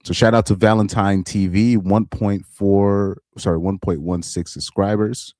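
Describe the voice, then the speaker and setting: A man's voice: lowish voice, fairly even intonation, unhurried, dark tone, dry recording, studio quality. A man casually commenting on a live stream, rambling and repeating himself. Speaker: live streamer reacting to videos.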